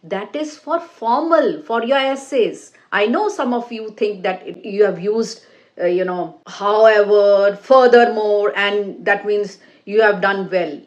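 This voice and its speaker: A woman who is a former IELTS examiner, giving an exam-prep lesson, explaining deliberately with fillers and restarts. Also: medium pitch. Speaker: English teacher and ex-IELTS examiner.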